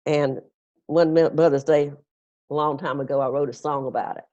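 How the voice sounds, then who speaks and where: A woman's voice: low-pitched, steady tone, moderate pace, dark tone, no room sound. A middle-aged woman minister, chatting through congregation questions in a folksy, conversational way and chuckling often. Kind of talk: casual question-and-answer with congregation. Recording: dull, dry, lo-fi stream audio.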